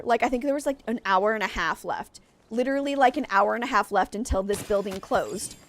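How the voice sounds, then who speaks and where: A woman's voice: fairly high pitch, brisk. A woman game streamer chatting with her viewers and telling a rambling story, full of fillers. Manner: rambling, chatty, heavy use of "like" and "um"; greets and thanks chat warmly. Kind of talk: casual live-stream chat and storytelling.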